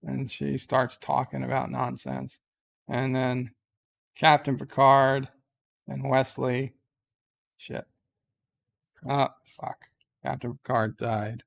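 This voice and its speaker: A man's voice: medium pitch, level tone, gravelly. A man who tells a rambling story in a casual vlog, with many fillers and restarts. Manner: rambling, slow, filler-heavy. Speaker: vlogger.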